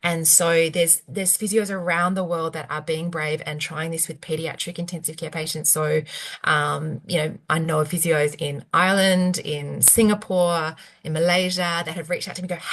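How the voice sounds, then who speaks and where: A woman's voice: sits low, normal speed. A middle-aged woman, speaking frankly and with animation as an expert guest on a video call. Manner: frank, animated, self-deprecating asides. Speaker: physiotherapy researcher, webinar guest. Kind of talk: conversational expert Q&A.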